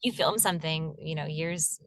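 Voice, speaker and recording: A woman's voice: sits low, moderate pace, vocal fry, no room sound. A young woman from Virginia, an actor, chatting casually as an interview guest, laughing often and acting out little quoted voices. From Virginia, USA.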